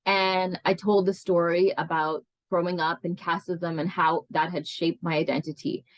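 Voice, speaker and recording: A woman's voice: lowish voice, flat delivery, normal speed, no echo, poor audio. Earnest woman telling her story, dry sound. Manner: earnest, emotional, reflective storytelling with frequent restarts. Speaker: interviewee. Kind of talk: oral history interview, personal storytelling.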